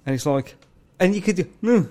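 A man's voice: a little high, lively intonation, moderate pace, darkish tone. A man in his thirties, co-hosting a podcast, telling crude anecdotes with lots of swearing and grunting impressions. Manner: swears freely, acts out customers with grunts. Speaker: podcast co-host. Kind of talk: crude casual banter.

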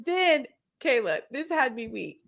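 A young woman co-hosting a podcast, recapping a TV show in animated, slangy, gossipy chat. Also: high-pitched, a little slow, gravelly. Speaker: podcast co-host. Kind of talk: casual chat.

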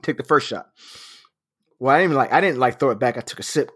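A man's voice: mid-range voice, animated, fast, pauses often, a bit bright, breathy edge. A man in his thirties telling a story in casual chat, swearing often and laughing as he talks. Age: 30s. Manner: profane, laughing anecdote telling.

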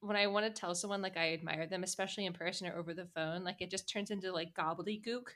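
A woman's voice: fairly low pitch, steady tone, fast talker, a bit bright. A young woman co-hosting a casual chat, playful and joking, with frequent laughter. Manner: playful, laughs a lot, jokes along. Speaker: co-host.

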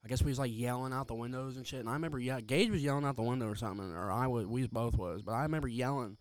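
Racing along in a mid-range voice, this young podcast co-host rambles through animated, profanity-laden stories in a casual conversation.

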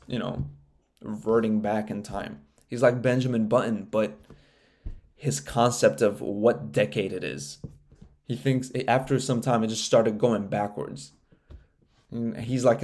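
A man's voice: mid-range voice, darkish tone. A young man hosting a casual solo podcast, joking and swearing freely as he rants. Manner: profane, joking, slips into mocking impressions. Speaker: podcast host.

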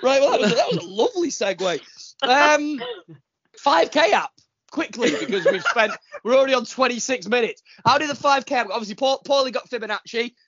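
An excitable man co-hosts a casual chat podcast, teasing and laughing often. His voice sits high and swoops around a lot. The recording is dry and a little muffled. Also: fairly quick, breathy edge, no echo. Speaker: podcast co-host.

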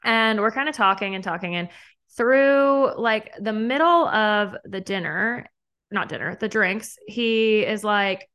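A woman's voice: mid-range voice, measured pace, fairly bright tone, clean tone. A young woman hosting a podcast, telling a dating story in a chatty way, laughing often and acting out what was said. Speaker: podcast host. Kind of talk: casual storytelling.

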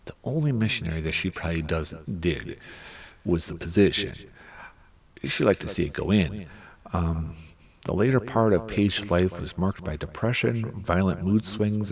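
A middle-aged man talks slowly through a rambling solo podcast, his voice very low with a gravelly, fried edge. He drifts into crude, irreverent asides along the way. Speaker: podcast host. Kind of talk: casual solo commentary.

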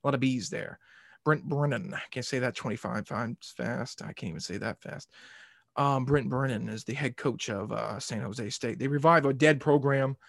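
On a casual sports podcast, the male host rambles, jokes and rants, swearing along the way. His voice is gravelly and medium-pitched, with a moderate pace. The studio recording is clean, with no echo.

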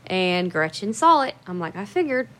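A woman's voice: medium pitch, very animated, normal speed, bright, forceful tone. A woman telling a personal story in a casual, rambling way, swearing often and stressing her words for emphasis.

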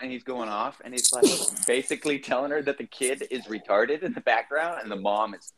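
A man's voice: mid-range voice, a little fast, fairly bright tone. A man co-hosting a casual podcast chat, laid-back as he retells a prank call. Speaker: podcast co-host.

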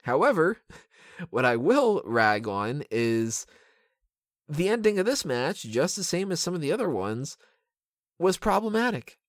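A man's voice: fairly high pitch, very animated, unhurried, pauses often, no echo, clean studio sound. A man giving an opinionated, sarcastic casual review of a wrestling show, swearing freely. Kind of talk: casual commentary.

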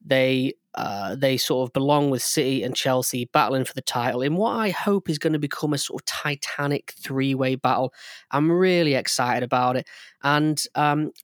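An enthusiastic man chatting on a sports podcast, teasing his co-hosts with bursts of excitement. His voice sits in a mid range and is recorded close and dry, with no room sound. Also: medium pitch, moderate pace, no echo. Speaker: podcast host. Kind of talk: casual sports chat.

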